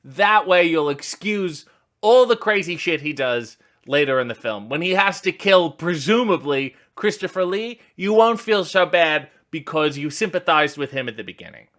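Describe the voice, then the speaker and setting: A man hosting a comedic trailer reaction, talking in a sarcastic, mocking way with deadpan asides. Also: a little high. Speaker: host reacting to a movie trailer.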